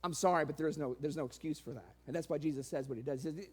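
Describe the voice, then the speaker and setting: A man preaching a sermon in an animated way, laughing often and raising his voice for sarcastic quotes. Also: fairly high pitch, racing, breathy edge. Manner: animated, laughing, sarcastic asides, quoting in raised voice.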